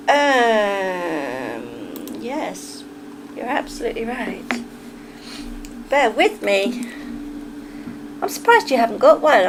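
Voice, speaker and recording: Brief: a woman streamer with a slightly high voice, unhurried and chatty, giggling as she answers her chat. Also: background noise. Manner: chatty, giggly, often laughs. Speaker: live streamer. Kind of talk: casual live-stream chat, reading chat aloud.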